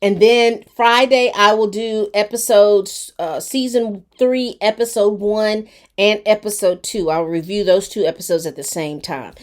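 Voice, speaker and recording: A woman's voice: mid-range voice, measured pace. A woman giving a casual, chatty recap and review of a TV episode, talking straight to her viewers. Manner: chatty and colloquial, addressing viewers directly. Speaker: TV show reviewer.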